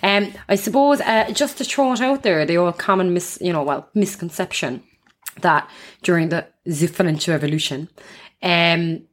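Playful woman cracking jokes on a podcast, slightly low voice. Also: normal speed. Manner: playful, jokey, breaks into song. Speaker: podcast co-host. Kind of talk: casual chat.

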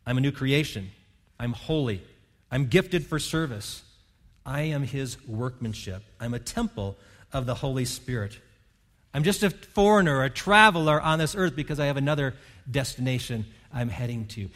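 A man's voice: medium pitch, animated, normal speed, a bit bright. A middle-aged man preaching a sermon as pastor, earnest and building to fervent emphasis. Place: church sanctuary. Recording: long church-hall reverb with faint music.

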